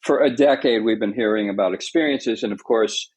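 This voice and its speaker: A man's voice: on the low side, brisk, darkish tone, breathy edge, rough recording. A man with a New York accent chatting on a podcast as an editor, opinionated and full of fillers and restarts. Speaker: executive editor and interviewer. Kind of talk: casual podcast chat.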